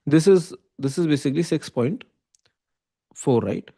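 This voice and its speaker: Indian man teaching, mellow voice. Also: a little high, lively intonation, unhurried. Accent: Indian English. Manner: explains step by step, often checking with "okay?" and "right?". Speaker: computer science teacher. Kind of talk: online lecture.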